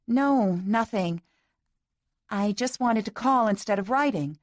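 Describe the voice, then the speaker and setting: A woman's voice: on the high side, expressive, slow, dry recording, pitched above the performer's own voice. A woman voicing an emotional young bride-to-be who sounds pleading and close to tears. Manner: pleading, tearful.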